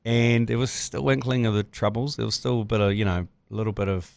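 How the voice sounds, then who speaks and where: A man's voice: lowish voice, fast, creaky, dry recording. Man, 40s, New Zealand accent, podcast host, casual storytelling, swears a lot, dry close sound. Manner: lively storyteller, swears freely, laughs mid-story. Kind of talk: casual chat.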